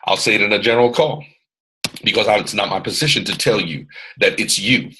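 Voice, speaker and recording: Emphatic Southern American baritone man. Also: brisk, pushed and bright, breathy edge, low-quality recording. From Atlanta, Georgia, US. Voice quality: resonant baritone. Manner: preachy, emphatic, repeats phrases, puts on voices of others. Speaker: mentor hosting a live training call. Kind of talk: motivational training talk. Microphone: video call.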